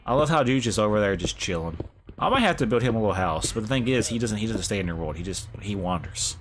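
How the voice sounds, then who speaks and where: A man's voice: fairly low pitch, expressive, quick pace, noisy background. A young man live-streaming a game, chatting casually, swearing and saying bro a lot. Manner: laid-back, swears, says bro a lot. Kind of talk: casual gameplay commentary.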